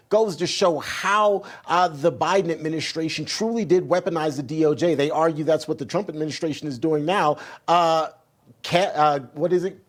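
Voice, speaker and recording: A man co-hosts a political talk show with a voice a little higher than most men's. He puts his questions to the guest in a brisk manner. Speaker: co-host.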